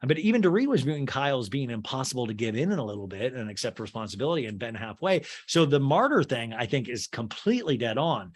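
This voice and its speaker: A man hosting a comedic TV recap podcast, animated and profane, acting out quotes. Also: mid-range voice, fast, few pauses, slightly rough. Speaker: podcast host.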